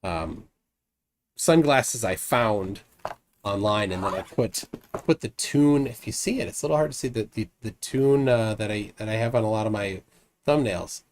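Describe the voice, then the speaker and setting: A man hosting a casual live stream, reading viewer comments aloud and chatting between them. His pitch swings widely and lively. He rambles, restarts sentences and fills pauses with ums. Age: adult, married. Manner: rambling with frequent restarts and fillers.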